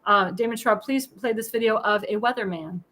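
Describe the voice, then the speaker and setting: A woman's voice: medium pitch, a little fast, fairly bright tone. A woman hosting a political talk panel, laughing often and handing questions to her guests. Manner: giggly, hands off questions to guests. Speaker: host.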